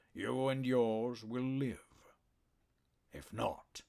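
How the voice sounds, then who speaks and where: A man voicing a huge, menacing male black cat warlord in an audiobook, speaking slowly in a deep, quiet near-whisper that drops to a growl. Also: vocal fry, heavily acted. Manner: slow, soft-spoken threats, growling.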